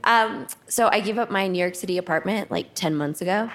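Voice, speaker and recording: A woman's voice: mid-range voice, a little fast. A woman speaking casually from a live audience, with fillers. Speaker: audience member. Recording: live venue recording with audience noise.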